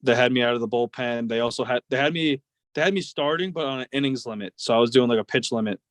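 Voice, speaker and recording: A man's voice: medium pitch, fast, a bit bright, no echo. A young man in his twenties, a baseball player, telling stories in a casual interview, rambling with lots of "like" and "uh". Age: 20s. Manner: rambling, many fillers like "like" and "uh". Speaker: guest, professional baseball player.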